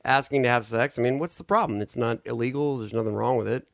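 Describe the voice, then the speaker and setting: A man co-hosting a podcast, speaking deadpan and hesitant, full of fillers. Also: medium pitch, fast, creaky, dry recording, clean studio sound. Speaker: podcast co-host. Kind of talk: casual podcast banter.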